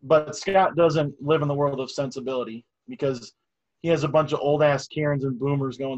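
A man's voice: medium pitch, steady tone, normal speed, darkish tone, rough recording. A young man co-hosting a casual podcast, crude and mocking. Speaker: podcast co-host.

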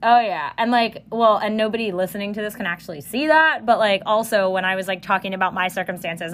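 A young woman with a Philadelphia accent hosting a casual podcast, sassy, swearing and animated, recorded on a phone next to her computer. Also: medium pitch, fairly quick, hardly any pauses, a little hiss or hum. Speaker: podcast host. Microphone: phone beside computer.

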